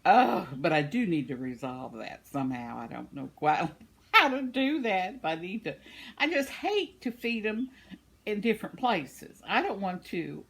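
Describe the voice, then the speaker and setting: A woman's voice: mid-range voice, sing-song, unhurried, vocal fry, husky. An older woman, chatting casually at home, laughing often as she reads comments from her viewers. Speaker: vlogger reading viewer comments. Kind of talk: casual chat. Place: at home, indoors.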